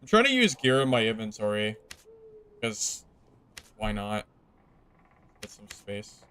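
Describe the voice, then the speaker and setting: A young man streaming a video game, chatting casually to viewers, jumping from excited outbursts to low, deflated grumbling. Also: slow, pauses often, a little hiss or hum. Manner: swings from excited yelling to mumbled, deflated grumbling. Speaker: gaming streamer. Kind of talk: casual gameplay commentary.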